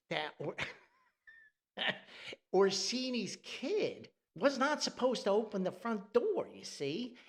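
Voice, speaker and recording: A man from New Jersey telling a funny story on a podcast, animated and chuckling, with rambling asides. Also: very high voice. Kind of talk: humorous storytelling.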